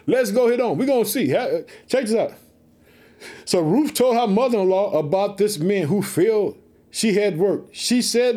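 A man's voice: high-pitched, animated, normal speed, mellow. A man preaching on his podcast, fired up and calling out hallelujah between Bible readings. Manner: fired-up, exclaims hallelujah often.

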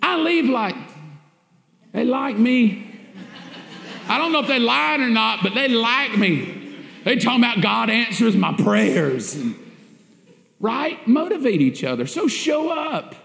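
A man's voice: very high voice, animated, takes it slowly, gravelly, pauses often, fairly bright tone, a little hiss or hum. A man preaching a sermon as pastor, emphatic and repetitive, with rhetorical questions to the congregation. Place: church sanctuary. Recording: echoey church hall.

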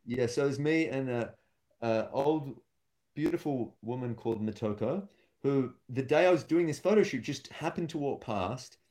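A man's voice: medium pitch, normal speed, darkish tone. A young man, a stand-up comedian chatting casually and acting out the voices of people in his stories. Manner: rambling storyteller, acts out quotes. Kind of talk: casual podcast chat.

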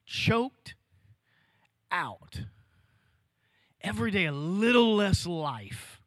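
A male pastor delivers a sermon in a slow, deliberate cadence. His voice sits high and bright, and the sound is close and dry. He swings his delivery from emphatic peaks down to hushed, almost whispered lines. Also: dry recording. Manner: preaching with sweeping swings of pitch and volume, dropping to near-whispers. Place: church.

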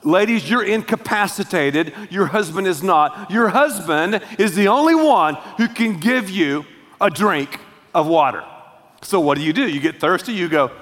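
A man's voice: high-pitched, moderate pace, big-room sound. A male pastor preaching a sermon, joking and speaking directly to the congregation. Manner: animated, joking, addressing the congregation.

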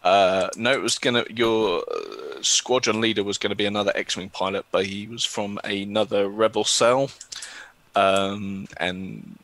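Male game master, low voice, bright and forceful, hesitant narration. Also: a little slow, vocal fry. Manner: hesitant, many ums, chuckles.

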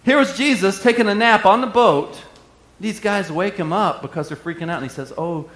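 Energetic male pastor preaching, echoey hall. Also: high-pitched, a little fast. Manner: energetic, call-and-response preaching. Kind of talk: sermon.

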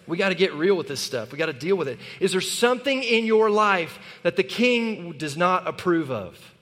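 A man in his thirties, a pastor preaching a sermon in a church, impassioned and rising to shouts when he exhorts. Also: sits high, very animated, moderate pace, hardly any pauses. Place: church sanctuary. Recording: long hall reverb.

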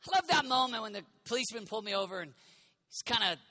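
A young American man preaching a sermon with passion, shouting out lines and then dropping to a soft, confiding voice. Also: sits high, expressive, fast talker. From United States.

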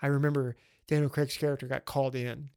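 A man's voice: mid-range voice, level tone, quick pace, a little mellow. A man from the American South co-hosting a film podcast, chatting eagerly with lots of fillers. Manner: enthusiastic, rambling with fillers. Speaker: podcast co-host. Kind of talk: casual film chat.

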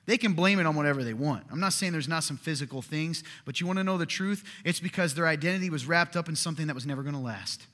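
A man in his thirties preaches to his congregation, chatty and direct, often checking in with the room. His voice sits a little high and sounds bright and edged. A long reverb trails each phrase through the hall. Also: quick pace, few pauses. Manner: conversational, keeps asking "right?". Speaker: pastor. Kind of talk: sermon. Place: church hall. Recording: echoey hall.

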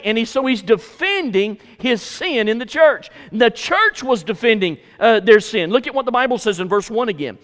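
A man's voice: very high-pitched, expressive, normal speed, hardly any pauses, a bit bright. A middle-aged man preaching a sermon as pastor, emphatic and repeating phrases for stress in a church. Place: church sanctuary. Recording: hall reverb.

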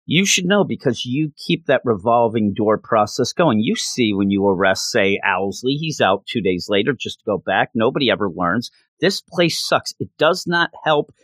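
A man's voice: mid-range voice, lively intonation, normal speed, few pauses, a bit bright, no room sound. Guy doing a fed-up lady lawyer scolding her client, dry sound. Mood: exasperated. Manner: exasperated, scolding. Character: frustrated female defense lawyer.

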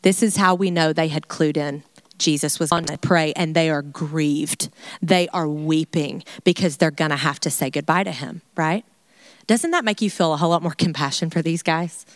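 A woman leading a casual Bible study, chatty and animated, with playful asides and laughter. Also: deep voice, normal speed, dry recording.

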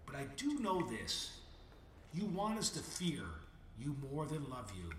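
A man delivering a dramatic monologue addressed to God, swinging between booming declarations and hushed asides. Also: sing-song, measured pace, echoey room, recorded from a distance, a little hiss or hum. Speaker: podcast host.

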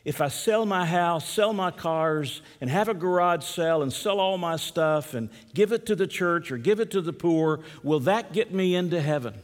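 A patient, earnest Sunday school teacher, put on by a male preacher, listing deeds to her first-graders and asking each time. The voice sits high and bright. A long hall reverb trails every phrase. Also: normal speed, few pauses, lightly acted. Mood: earnest questioning. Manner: patient, questioning, listing things.

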